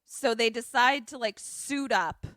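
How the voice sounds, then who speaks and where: A woman co-hosting a podcast speaks a little slowly in a voice on the high side, casually recapping a film and acting out the characters' lines in an animated retelling. The recording is dry and studio quality.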